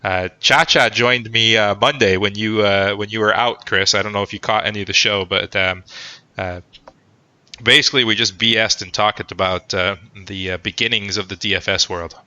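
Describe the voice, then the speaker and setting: Lowish bright voice, guy hosting a podcast, jokey and rambly, kinda dull lo-fi audio. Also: fairly even intonation, normal speed, clear, resonant tone, dry recording. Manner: joking, rambling with many fillers. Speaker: podcast host. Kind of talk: casual sports podcast chat. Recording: dull lo-fi sound.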